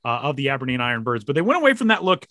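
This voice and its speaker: A man hosting a casual podcast, joking around and quick to laugh. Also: medium pitch, no room sound, clean studio sound. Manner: jokey, animated, quick to laugh. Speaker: podcast host.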